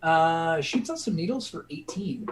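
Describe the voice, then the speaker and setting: A man running a tabletop game as game master, relaxed and laughing often. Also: a little high, measured pace, slight background noise, low-quality recording.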